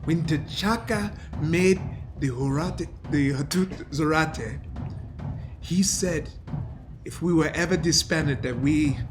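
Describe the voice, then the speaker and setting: A man's voice: a little high, slow pace, music in the background. A man voicing a bitter scarred warrior in his forties. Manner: defiant, proud speeches.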